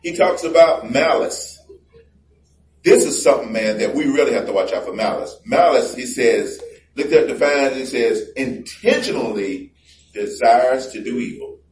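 A man's voice: mid-range voice, moderate pace, a little mellow. A man preaching from the pulpit, loose and conversational, slipping into small acted voices to make his points. His voice reaches the mic from some way off, bouncing around a roomy church with a faint hum underneath. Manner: conversational and joking, acts out little voices. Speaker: pastor. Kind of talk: sermon. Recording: roomy, distant mic with faint background noise.

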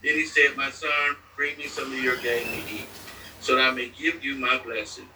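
A man reading scripture aloud at an even pace, sometimes stumbling and restarting a phrase. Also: mid-range voice, moderate pace, reverberant, recorded from a distance, background noise. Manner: plain reading with restarts and slips. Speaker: scripture reader.

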